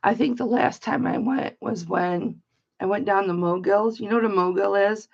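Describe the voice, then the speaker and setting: A woman's voice: medium pitch, moderate pace, gravelly. A middle-aged woman from Michigan hosting an online auction, rambling through a story in a blunt, chatty way and swearing freely. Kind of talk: casual chatty livestream. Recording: slightly dull lo-fi stream audio.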